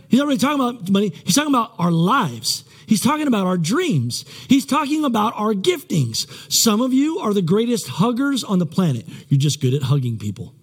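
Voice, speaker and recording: A man's voice: sits high, breathy edge. A male pastor preaching a sermon in a conversational, rambling way, with many restarts and self-deprecating asides.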